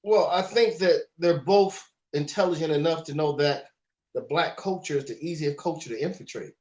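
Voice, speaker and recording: A man's voice: on the high side, normal speed, darkish tone, lo-fi sound. A man co-hosting a casual talk show, laying out his views in a preachy way and mocking people by putting on their voices. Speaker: podcast co-host. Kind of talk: casual chat.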